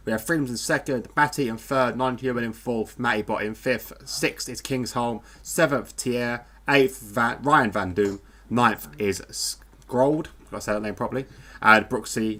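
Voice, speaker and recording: A man's voice: mid-range voice, sharp tone. A man giving casual live commentary on a sim race, chatting in a rambling way with lots of fillers, speaking into a wireless headset.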